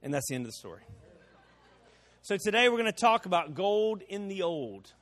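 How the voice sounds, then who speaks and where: A man preaching a sermon, telling a homespun story with repeated words and slow, drawn-out emphasis. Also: sits high, sing-song, a bit bright, in a large hall. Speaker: pastor.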